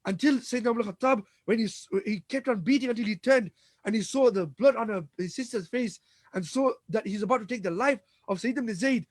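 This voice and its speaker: A man's voice: sits high, a little fast, no room sound. A man giving a religious storytelling lecture, retelling events dramatically and acting out the dialogue, with frequent restarts. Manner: frequent restarts and repeated words. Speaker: Islamic lecturer.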